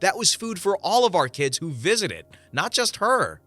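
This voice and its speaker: A man reading online posts aloud as a story reader and adding animated, playful commentary between them. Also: sits high, normal speed, dry recording.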